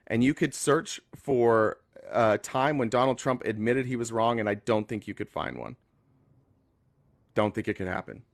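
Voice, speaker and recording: A man's voice: mid-range voice, vocal fry, no echo. A man hosting a casual live stream, blunt and talking straight to his callers. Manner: blunt, talks to callers directly. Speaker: livestream host.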